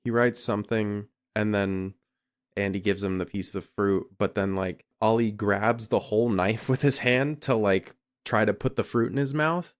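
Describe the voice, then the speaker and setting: A man's voice: lowish voice, fairly even intonation, normal speed. A man co-hosting a podcast, recapping a horror film in loose, profane chat full of fillers. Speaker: podcast co-host.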